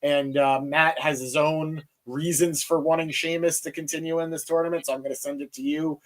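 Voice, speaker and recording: A young man hosts a wrestling recap podcast, his voice a little high with a level tone and a slightly fast pace. He chats casually and enthusiastically, then hands off to his co-host.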